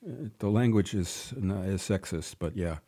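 A man hosting community radio, signing off in a loose, joking way and rushing through the station announcements. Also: sits low, warm tone. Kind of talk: casual radio sign-off.

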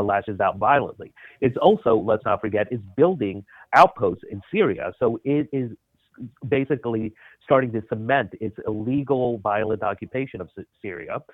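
A man's voice: medium pitch, no room sound. Emphatic man on a tinny phone line. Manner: emphatic, scornful, many uh fillers. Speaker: political commentator guest. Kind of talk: phone-in radio interview.

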